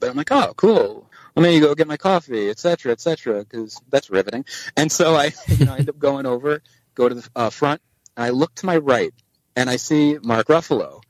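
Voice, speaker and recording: A man at an ordinary middle pitch tells a long story as a podcast guest, acting out each exchange in bits of other voices. The sound is close and dry, with no room around it. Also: no room sound, poor audio. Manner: animated anecdote teller, acts out dialogue in voices. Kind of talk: casual storytelling chat.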